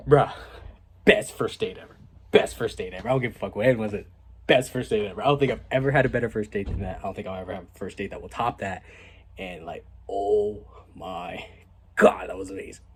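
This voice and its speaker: A young man casually telling a story on his vlog, animated and laid-back, with a lot of "like" and some swearing. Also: lowish voice, brisk, slight background noise. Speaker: vlogger.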